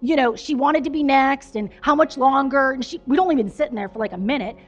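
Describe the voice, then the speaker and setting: A woman's voice: sits high, quick pace, muffled recording, faint music behind. A woman pastor giving a conversational storytelling sermon, chatty and self-deprecating, with lots of fillers.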